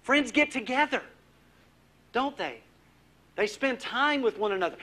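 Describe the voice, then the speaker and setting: A man preaching a sermon as pastor, putting questions to the congregation and dropping to a hush on key words. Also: very high-pitched, lively intonation, a little slow. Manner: asks the congregation questions, drops to a hushed voice for emphasis.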